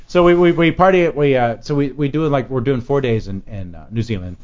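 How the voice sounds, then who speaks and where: Brash male co-host, quick and lively, spinning raunchy anecdotes; muffled lo-fi sound. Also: mid-range voice. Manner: rowdy, animated, acts out quotes. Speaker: radio show co-host. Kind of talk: crude party storytelling.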